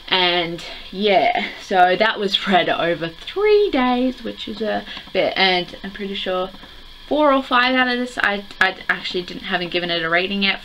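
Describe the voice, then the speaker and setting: A woman's voice: on the low side, pushed and bright, a little hiss or hum, poor audio. A teenage girl chatting casually to camera as a book vlogger, rambling along with lots of "like" fillers.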